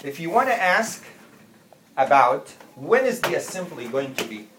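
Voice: medium pitch, sing-song. Patient teacher in an echoey classroom. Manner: patient, repeats words slowly and often. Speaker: Arabic teacher. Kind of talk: classroom lesson. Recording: roomy classroom with faint noise.

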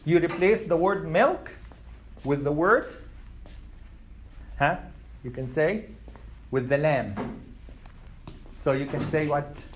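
A man teaching an Arabic class, repeating words slowly for his students. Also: fairly high pitch, slight background noise. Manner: slow, repeats words for learners.

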